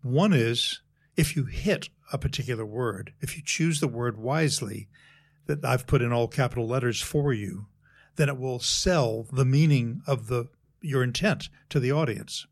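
A man who works as a speechwriter, talking in a measured, explanatory way in an interview and walking through worked examples. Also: mid-range voice. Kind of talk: conversational interview.

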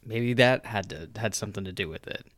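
A man's voice: lowish voice, fairly quick, a bit bright, dry recording, studio quality. A man casually discussing movies on a podcast, laid-back and hedging his opinions.

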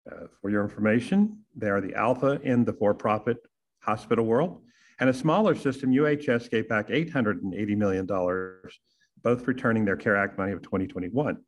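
A man's voice: lowish voice, brisk. A man, hosting a podcast and delivering a sarcastic, punchy opinion monologue full of rhetorical questions. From Texas. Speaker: podcast host.

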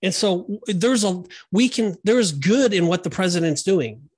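Earnest middle-aged man, a bit higher voice. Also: expressive, unhurried, darkish tone, breathy edge. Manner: earnest, storytelling with restarts. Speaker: podcast co-host. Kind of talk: Christian discipleship podcast chat.

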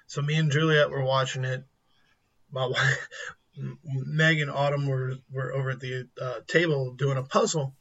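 A man in his thirties casually telling animated stories about his family, acting out their lines. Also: medium pitch, moderate pace, creaky. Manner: animated anecdotes, acts out family quotes. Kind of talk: casual storytelling chat. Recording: lo-fi muffled audio.

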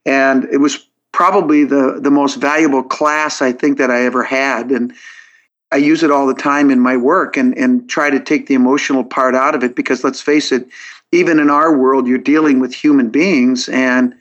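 On dull lo-fi audio, this man's medium-pitched, fairly bright voice holds a fairly even intonation at normal speed. He's a podcast guest earnestly laying out his logic one step at a time, frequently starting his sentences over.

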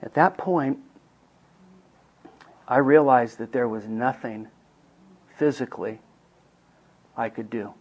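A middle-aged man teaching counselors through a personal story in a mid-pitched voice. He speaks earnestly and shifts from quiet, hushed passages to emphatic ones. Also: slow, long pauses, low-quality recording.

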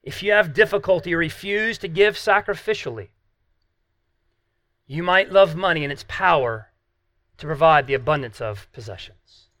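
A man's voice: fairly high pitch, animated, moderate pace, a bit bright, no room sound. A man preaching a sermon as pastor, earnest and emphatic, asking the listeners rhetorical questions.

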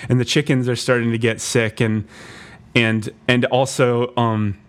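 A man co-hosting a comedy podcast, retelling a made-up plot in a rambling, deadpan way with constant restarts. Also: medium pitch, a little slow. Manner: rambling, full of fillers and restarts, deadpan storytelling. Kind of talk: comedic improvised story retelling.

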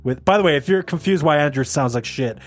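Playful, lively-voiced man chatting. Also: fairly high pitch, quick pace. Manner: playful, laughs a lot, swears casually. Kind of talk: casual chat.

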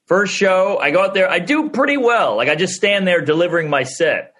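A man, a stand-up comedian, telling a story on a podcast in an animated way and acting out the people in it. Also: sits high, fairly quick. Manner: animated, acts out the people in his stories.

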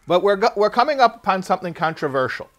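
A man teaching a religious text class, explaining ideas in an animated way and acting out little quoted voices. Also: sits high, fast. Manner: animated, acts out quoted people, many restarts. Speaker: Torah teacher. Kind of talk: classroom lesson.

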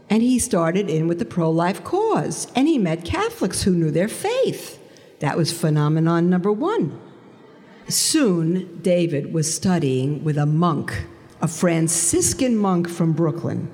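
A woman giving a lively personal testimony talk, storytelling with big swings into quoted voices. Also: lowish voice. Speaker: speaker giving a conversion testimony. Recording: long hall reverb.

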